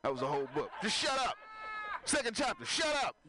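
A man's voice: high voice, wildly swooping pitch, a little fast, noisy background. A man doing a stand-up comedy set, working the crowd loosely and laughing at his own jokes.

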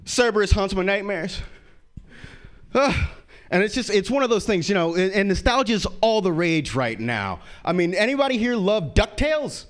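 Animated high-voiced male stand-up comic. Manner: animated, profane, acts out characters in quick bits. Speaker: stand-up comedian. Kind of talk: stand-up comedy set.

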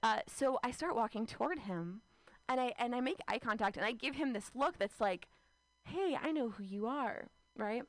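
A woman's voice: fairly high pitch, expressive, normal speed, dry recording. Rambling self-mocking woman comedian. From California, United States. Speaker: stand-up comedian. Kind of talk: stand-up comedy set.

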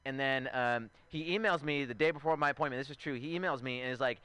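A man's voice: mid-range voice, fast talker, pushed and bright, clean tone, no room sound. A man in his twenties performing a stand-up comedy set, chatty and self-mocking, riffing with asides to the crowd. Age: 20s. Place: outdoor show.

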